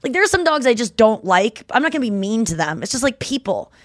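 A young woman co-hosting a podcast, chatting casually and comically, animated and quick to put on voices. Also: fairly high pitch, dry recording, clean studio sound. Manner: animated, jumps into squealing voices for quotes. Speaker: podcast co-host. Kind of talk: casual comedic chat.

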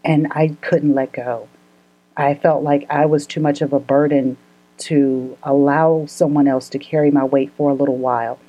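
Low, mellow-voiced woman telling a story. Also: fairly even intonation, normal speed, muffled recording. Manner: earnest, laughs often, gets emotional. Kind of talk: casual chat, storytelling.

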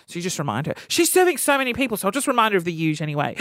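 Brief: young Aussie man, comic vlog rant, high lively voice, dry close sound, acts out quotes. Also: rapid-fire, hardly any pauses, dry recording. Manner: animated, mimics people in acted-out quotes. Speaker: vlogger.

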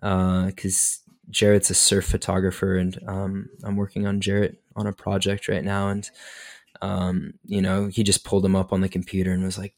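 A man's voice: deep voice, monotone, normal speed, a little mellow. A man chatting casually about photography, laid-back, saying "dude" and "like" a lot and laughing easily. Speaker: podcast guest photographer. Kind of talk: casual chat.

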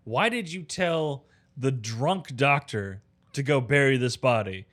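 Bright, lively man cursing through a recap. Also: mid-range voice. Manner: profane, emphatic, quick to agree. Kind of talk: casual movie recap chat.

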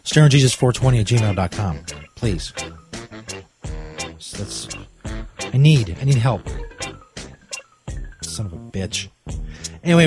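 A man hosting a comedy podcast, swearing a lot and ranting in exasperated outbursts. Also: medium pitch. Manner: profane, exasperated, loud outbursts. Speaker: podcast host.

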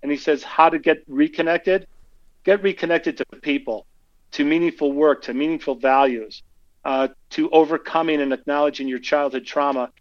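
A male podcast guest telling animated stories and acting out the quotes in them. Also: on the high side, normal speed, highs cut off. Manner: animated anecdotes, acts out quotes. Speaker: guest speaker. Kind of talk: conversational storytelling.

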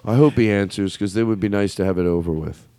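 A man's voice: lowish voice, fast talker, background noise. A man hosting a comedy podcast, riffing in loose, profane, jokey banter. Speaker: podcast host.

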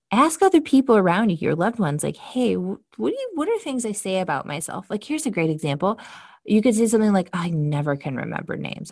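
Woman, self-help host, frank and profane, mid pitch, dry close mic. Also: darkish tone, no echo. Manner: candid, swears casually, addresses listeners as guys. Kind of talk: motivational monologue.

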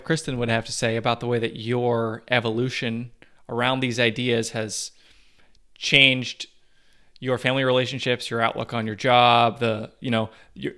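Bright-voiced male podcast host. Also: medium pitch. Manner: friendly, polished. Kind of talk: podcast interview and outro.

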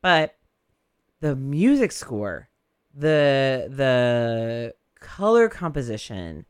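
A man hosting a radio show, teasing his guest with crude, quick-fire banter. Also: medium pitch, big pitch swings, clear, resonant tone, no echo, clean studio sound. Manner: crude, teasing, rapid tangents. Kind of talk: casual banter.

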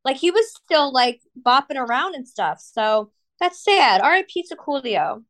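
A woman co-hosting a podcast in casual chat, blunt and expressive, often poking fun at herself. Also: high-pitched, moderate pace. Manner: blunt, expressive, self-mocking. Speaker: podcast co-host.

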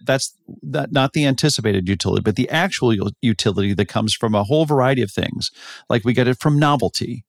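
A man with a gravelly, fry-tinged voice co-hosts a podcast in relaxed conversation. He explains ideas carefully, often pausing to restart a phrase. The recording is dry and close, with no room sound. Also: medium pitch, no echo. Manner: thoughtful, explanatory, with frequent restarts. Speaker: podcast co-host. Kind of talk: casual conversational podcast chat.

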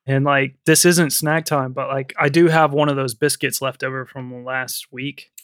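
A man's voice: medium pitch, level tone, normal speed, fairly bright tone, no echo, studio quality. A man co-hosting a podcast, chatting casually and rambling, with lots of swearing and fillers. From United States. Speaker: podcast co-host. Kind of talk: casual chat. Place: UK-based podcast.

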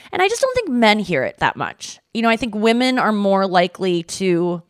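Young woman, podcast host, casual emotional chat, animated pitch, dry close sound. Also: dry recording. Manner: chatty, emotional storytelling with many fillers.

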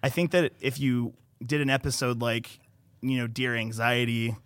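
An earnest man talking quietly on a podcast, at times reading aloud something he wrote himself. His voice sits at a middle pitch. The recording is dry and close, as from a studio microphone. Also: fairly even intonation, moderate pace, no echo. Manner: earnest, soft-spoken, reads his own writing aloud. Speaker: podcast engineer. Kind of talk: casual podcast conversation.

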